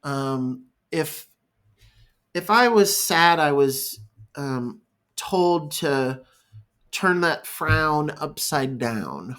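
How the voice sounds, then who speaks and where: A male therapist speaking in a reflective, halting monologue, improvising as he goes. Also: on the high side, expressive, fairly bright tone. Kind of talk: unscripted talking-head monologue.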